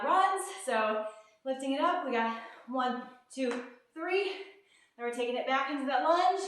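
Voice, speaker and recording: A woman fitness instructor leads a workout, counting reps and cueing moves, upbeat though out of breath. Her voice sits high with a fairly bright tone. She's recorded from a distance in an echoey room.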